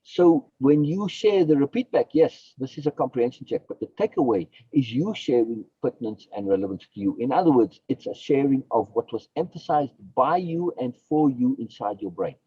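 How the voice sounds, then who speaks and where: A man's voice: mid-range voice, animated, normal speed, few pauses, slightly rough, no echo, highs cut off. A man, a philosophy guest on a podcast, explaining his ideas emphatically, repeating key phrases and asking and answering his own questions.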